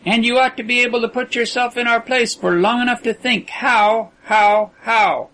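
A man's voice: very high-pitched, steady tone, moderate pace, sharp tone, voice pushed up, full character voice. A tall male prisoner pleads with his captor in a strained, raised voice that climbs well above the speaker's normal register, as a male narrator puts him on. He sounds desperate and pushes every word toward his listener. It comes across as a storybook reading. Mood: pleading, desperate.

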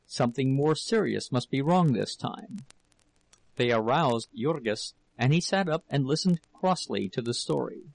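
A man's voice: mid-range voice, expressive, measured pace, vocal fry, no room sound, poor audio. Man narrating a novel, dry sound. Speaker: audiobook narrator. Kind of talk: scripted narration.

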